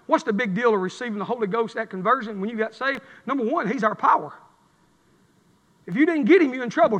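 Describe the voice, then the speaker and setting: A man's voice: extremely high pitch, expressive, brisk, fairly bright tone. A man preaching a revival sermon in church, with a rhythmic, building cadence. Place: church sanctuary. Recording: long hall reverb.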